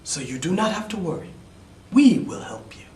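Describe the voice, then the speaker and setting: A man voicing three odd spinner women from a fairy tale, making a slow, coaxing bargain. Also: fairly low pitch, very animated, dark tone, pitched above the performer's own voice. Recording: roomy, distant mic.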